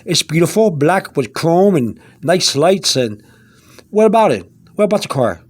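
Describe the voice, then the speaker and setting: A man's voice: on the high side, sing-song, normal speed, no echo. A man giving a casual spoken language lesson, repeating himself with many fillers and restarts. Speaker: language teacher.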